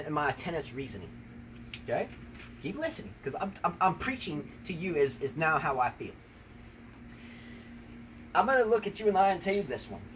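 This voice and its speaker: An American man hosting a tennis talk show, playfully trash-talking his wife in a rambling, teasing way. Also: fairly high pitch. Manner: teasing, rambling, repeats "number one, okay?". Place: outdoors on a rainy day. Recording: distant mic with faint ambient noise.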